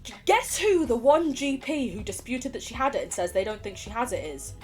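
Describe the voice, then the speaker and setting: A woman's voice: on the high side, very animated, fairly quick, a little mellow, soft background music. A young British woman chatting casually on a gaming livestream, wandering off on tangents and laughing often. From United Kingdom. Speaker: streamer.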